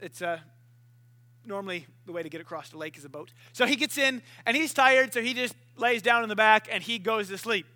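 A man's voice: sits high, brisk, pushed and bright. A man preaching a casual sermon, joking and acting out voices as he tells the story.

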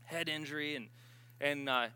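A man preaching at a healing service, telling stories with sudden bursts of excitement. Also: fairly high pitch, moderate pace, clear, resonant tone. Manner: animated storyteller, bursts of excitement. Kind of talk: sermon.

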